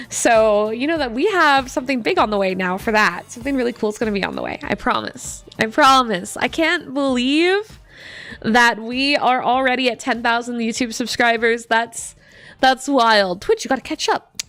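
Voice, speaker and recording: High-voiced bubbly woman streamer. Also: expressive, normal speed, fairly bright tone. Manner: bubbly, chatty, reads chat aloud and laughs often. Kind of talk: casual live-stream chat while gaming.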